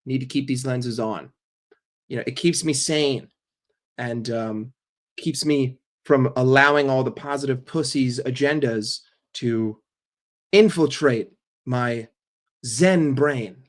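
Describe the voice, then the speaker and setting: A man's voice: mid-range voice, takes it slowly. Rambling, profane man streaming. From New York. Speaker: football fan streamer. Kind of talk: casual live-stream rant.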